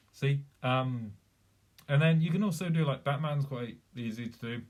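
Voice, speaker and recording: Young man, casual streamer chat, rambling, lots of fillers, middle pitch. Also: normal speed, a little mellow. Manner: rambling, with many fillers and restarts.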